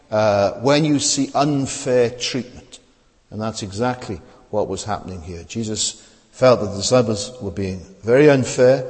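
A man's voice: on the low side, a little mellow. A man preaching a sermon, earnest and questioning, with many "uh" fillers. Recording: long hall reverb.

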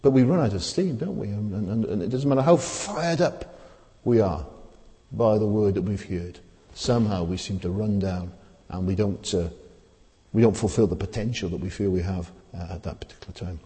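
A man's voice: fairly low pitch, moderate pace, warm tone. A man preaching a sermon in a conversational way, with many rhetorical tag questions and restarts. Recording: long hall reverb.

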